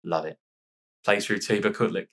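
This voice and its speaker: A man casually commentating his own football management game, chatty and excitable, with a sore nose after a sneezing fit. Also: fairly low pitch, moderate pace. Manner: chatty, excitable reacting to match play. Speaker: gaming YouTuber. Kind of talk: casual let's-play commentary.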